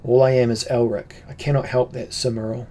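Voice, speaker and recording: A man reading an audiobook, voicing a brooding young sorcerer-emperor who speaks evenly and gravely. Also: medium pitch, close to an everyday voice. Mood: resolute. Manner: measured, even and grave.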